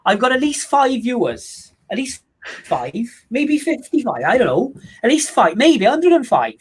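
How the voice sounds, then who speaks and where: A squeaky, jittery comic character with a mock Russian accent, as a podcast co-host puts it on. The voice jumps far above his normal pitch and stretches its words slowly. He sounds mock-bewildered as he chides his listeners. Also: wildly swooping pitch, a little hiss or hum, exaggerated voice. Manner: mock-bewildered, scolding the chat.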